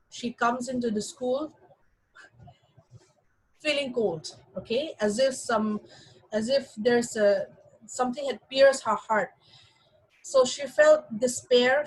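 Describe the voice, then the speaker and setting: A woman's voice: on the high side, slightly rough, low-quality recording. A woman teaching an English class, reading a story and explaining it, often checking in with her students.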